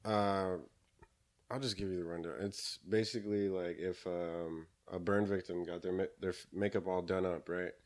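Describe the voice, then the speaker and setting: Very deep-voiced man, laid-back. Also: steady tone, moderate pace. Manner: laid-back, explaining a bit step by step. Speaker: stand-up comedian. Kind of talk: casual podcast chat.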